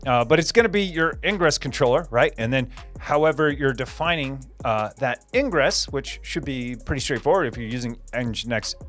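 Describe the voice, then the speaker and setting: A man's voice: medium pitch, expressive, moderate pace, a bit bright, soft background music. A man hosting a casual livestream, chatting with viewers and rambling through answers with many fillers and repeated phrases. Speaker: livestream host.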